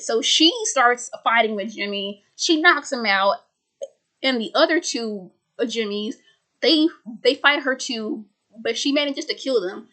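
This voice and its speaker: A woman's voice: a little high, a little slow, sharp tone. A woman casually retelling a film plot, stuttering and repeating words with many fillers. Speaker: video host retelling a film.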